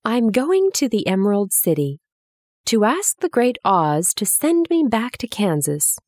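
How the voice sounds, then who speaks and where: A woman's voice: medium pitch, very animated, unhurried, a little mellow, dry recording, clean studio sound, pitched above the performer's own voice. A woman voicing a polite, kind young girl on a journey, plain-spoken.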